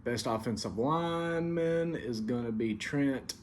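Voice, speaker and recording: A man's voice: medium pitch, expressive, normal speed, darkish tone, slight background noise. A man with a country Southern accent hosting a casual weekly league recap, laid-back and full of fillers, turning stern about the rules. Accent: American Southern. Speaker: league commissioner and show host.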